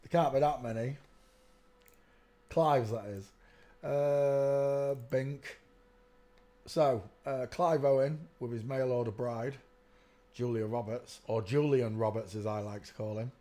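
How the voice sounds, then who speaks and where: A man's voice: medium pitch, fairly even intonation, slow, long pauses, warm tone. Rambling man hosting a live stream. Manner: rambling, keeps saying "look" while pointing at pictures. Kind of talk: casual live stream commentary.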